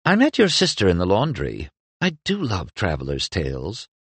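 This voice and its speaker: A man's voice: low voice, wildly swooping pitch, moderate pace, fairly bright tone, slightly rough, no echo, full character voice. A man reading an audiobook, voicing a flirtatious woman with a throaty, purring voice and a coy, teasing manner.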